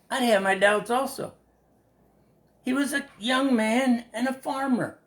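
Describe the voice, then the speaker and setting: Male Bible study host, unhurried delivery, very lively intonation, playful. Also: very high-pitched. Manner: animated, laughing, acting out quotes. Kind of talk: casual live Bible study.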